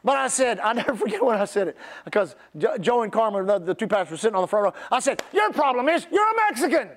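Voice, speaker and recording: This middle-aged pastor's sermon comes in a high, expressive voice. His delivery is preacherly, lingering on key words and prompting the audience to repeat his lines.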